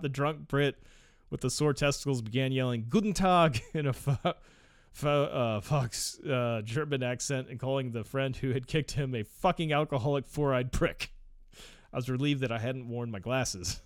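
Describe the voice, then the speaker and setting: A man's voice: medium pitch, moderate pace, no room sound, clean studio sound. A young man casually reading an article aloud and breaking off into rambling, profane asides with frequent laughter.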